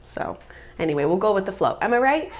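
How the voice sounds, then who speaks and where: A woman in her thirties talks casually to her camera as a vlogger, chatty and upbeat. She laughs easily between thoughts, and her voice sits at an ordinary middle pitch. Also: big pitch swings, fast talker.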